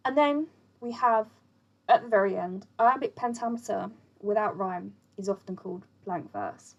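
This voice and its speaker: A woman's voice: medium pitch, normal speed, lo-fi sound. Chatty woman teaching poetry. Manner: chatty, filler-heavy, loose explaining. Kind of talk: casual explainer lesson.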